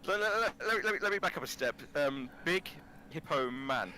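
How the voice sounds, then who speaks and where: A man's voice: fairly high pitch, animated, fairly quick, pushed and bright, slight background noise. A man playing a tabletop game, playful and stammering through restarts. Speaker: player.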